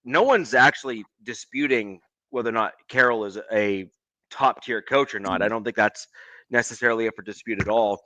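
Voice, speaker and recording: Podcast co-host, a man from Canada, mild Canadian accent, bright tone, dry close mic, thoughtful and hedging. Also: lowish voice, no echo. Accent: Canadian, close to American. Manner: measured, hedging with many ums. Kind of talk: casual sports podcast chat.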